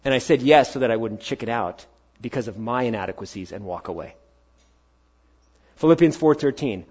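A male pastor preaching a sermon, firing rhetorical questions and swinging between loud pushes and hushed asides. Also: mid-range voice, brisk, lo-fi sound.

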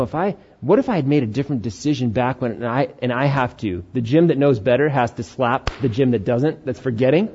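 A middle-aged man preaching a sermon as a pastor, animated, acting out inner voices and God's replies. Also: mid-range voice, breathy edge, highs cut off.

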